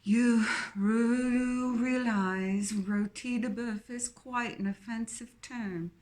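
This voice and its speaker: A woman voicing a snobbish, condescending English woman with a posh accent and drawn-out, mocking delivery. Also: a little high, fairly even intonation, darkish tone, pitched above the performer's own voice.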